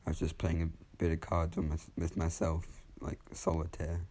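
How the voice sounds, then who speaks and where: A man's voice: a bass voice, monotone, moderate pace, darkish tone, husky. A man voicing a friendly, laid-back teenage hero boy who talks in a casual, offhand way.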